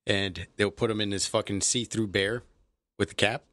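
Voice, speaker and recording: A man with a fairly low voice chimes in on a podcast with short, profane remarks. He sounds close and dry, with no room around him. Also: fairly even intonation, moderate pace, fairly bright tone, dry recording. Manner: short interjections, profane asides. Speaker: podcast co-host. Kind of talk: casual chat.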